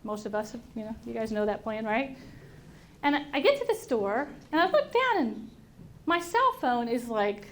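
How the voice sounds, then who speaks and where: A middle-aged woman with a high, bright voice speaks to an audience in a large room, telling a personal story and acting out the voices she quotes. Faint room noise sits under her amplified voice. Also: big pitch swings, normal speed. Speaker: invited speaker. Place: auditorium at a workplace event.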